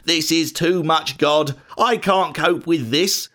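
A man's voice: a little high, takes it slowly, fairly bright tone. A man voicing Cain, a bitter, resentful young man with a sullen, complaining manner, in a storybook reading.

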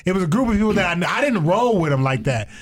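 A young man telling a story in casual chat, animated and profane, acting out other people's lines. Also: high-pitched, rapid-fire. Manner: animated, profane, acts out voices in quotes. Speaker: storyteller guest.

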